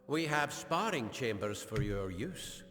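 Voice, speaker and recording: A man's voice: mid-range voice, very animated, unhurried, fairly bright tone. An actor playing a stern male gnome garrison captain in a video game, speaking in a formal, clipped, commanding manner. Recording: game audio with long reverb.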